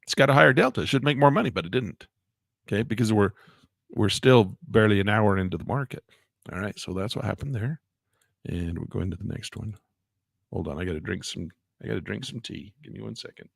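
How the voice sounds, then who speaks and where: A man teaching a live options trading lesson in a chatty way, grumbling at his software and jumping high when exasperated. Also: a little fast, gravelly, no room sound, studio quality. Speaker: trading instructor.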